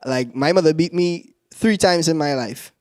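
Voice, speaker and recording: A young Trinidadian comedian tells stories in a fairly high voice, often laughing mid-sentence. The sound is dry and close. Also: male voice, normal speed, no echo. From Trinidad and Tobago. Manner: laughs through his own lines, animated storytelling. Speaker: stand-up comedian. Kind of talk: stand-up comedy set.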